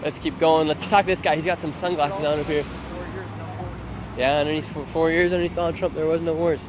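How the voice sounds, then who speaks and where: A man hosting casual street interviews on a live stream, chatty and upbeat, asking passersby quick friendly questions outdoors on a city street. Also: a little high, level tone, over music. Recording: clear street traffic noise. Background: traffic and street noise.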